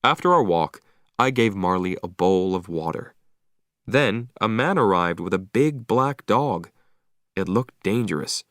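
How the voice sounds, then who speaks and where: Slow, deliberate male audiobook narrator. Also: low-pitched, animated, a bit bright, dry recording, clean studio sound. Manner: slow, clear, deliberate reading. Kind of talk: scripted narration for language learners.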